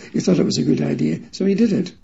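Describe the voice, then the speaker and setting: A man with a very gravelly, raspy voice tells an anecdote for a radio interview. His tone is dark and mellow, and the recording is dull and muffled. He brings his story alive with quoted dialogue. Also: a little high, fairly quick. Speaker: interviewee recalling a friend. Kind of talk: reminiscing interview.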